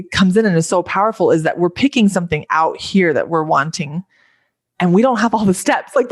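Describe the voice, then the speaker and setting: A woman's voice: medium pitch, no room sound, studio quality. A woman life coach speaking as a podcast guest, earnest and thinking aloud with plenty of fillers. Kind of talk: casual conversational interview.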